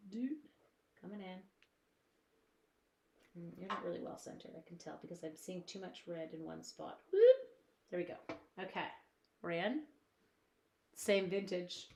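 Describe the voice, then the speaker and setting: A woman's voice: lowish voice, vocal fry, warm tone, slight background noise. A woman chatting casually while demonstrating crafts at her home desk on a live stream, reading out viewers' comments and talking to her supplies.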